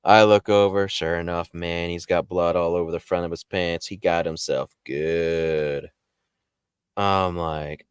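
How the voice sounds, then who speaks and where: A man casually telling a paranormal story as the show's host, animated and jumping up in pitch when he acts out quotes. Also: a little slow, clear, resonant tone, no echo, studio quality. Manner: animated, jumps high when acting out quotes.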